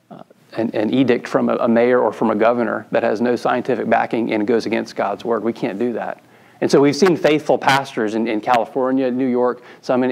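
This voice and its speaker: Male pastor, mid-pitched voice, casual preaching with repeated points. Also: vocal fry, a little mellow, rough recording. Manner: conversational preaching with restarts and emphatic repetition. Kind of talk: sermon. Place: church sanctuary.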